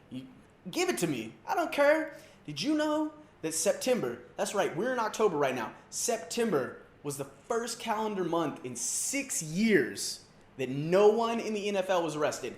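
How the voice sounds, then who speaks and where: A man's voice: high-pitched, very animated, normal speed. A man hosting a comedic sports rant, loose and slangy, mocking and rambling. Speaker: comedy sports show host. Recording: roomy echo.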